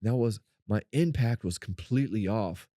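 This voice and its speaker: A man co-hosting a faith-based podcast, telling a personal story in an animated way and acting out what people said. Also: moderate pace, dry recording, studio quality. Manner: animated storyteller, acts out quotes in a high voice. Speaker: podcast co-host.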